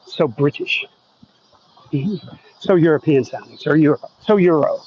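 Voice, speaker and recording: A man's voice: on the high side, sing-song, normal speed, husky, muffled recording. Chatty man walking a night street. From Oklahoma, US. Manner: chatty, wry, reads viewer comments aloud. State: a bit out of breath walking uphill. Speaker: vlogger reading live chat. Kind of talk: casual live-stream chat while walking. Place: outdoors on a residential street at night.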